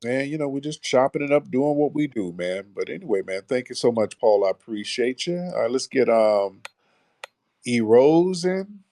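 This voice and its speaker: A man's voice: mid-range voice, lively intonation, fairly quick, few pauses, a little mellow, no room sound, studio quality. A man hosting a live call-in show, talking bluntly in heavy slang and pushing back hard at callers. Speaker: host of a call-in audio show.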